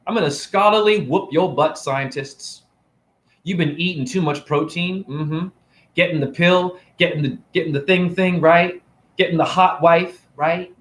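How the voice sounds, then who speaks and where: A man's voice: a little high, unhurried, fairly bright tone. Taunting, preachy man live-streaming. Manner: preachy and taunting, keeps asking "right?". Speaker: self-styled spiritual teacher streaming to a chat. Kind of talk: live-stream rant to viewers. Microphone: phone camera.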